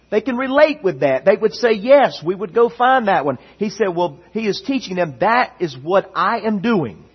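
A man's voice: high voice, breathy edge. A man preaching a sermon as pastor, emphatic and repetitive, reading scripture aloud, recorded in dull lo-fi sound.

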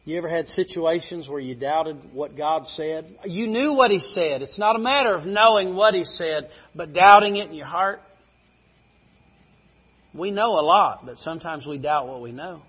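Middle-aged male preacher, husky, slightly high, folksy storytelling sermon on a dull lo-fi recording. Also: expressive, moderate pace.

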